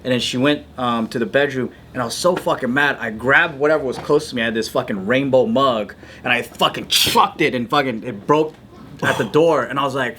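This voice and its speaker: A man's voice: medium pitch, brisk, pushed and bright, slight background noise. A man co-hosting a comedy podcast, telling a rambling, self-mocking story in casual chat and swearing often. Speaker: podcast co-host.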